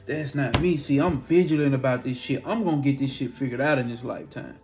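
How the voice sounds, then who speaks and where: A man telling a personal spiritual story in an animated, profane, casual way, acting out his own reactions. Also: medium pitch, a little fast, music in the background.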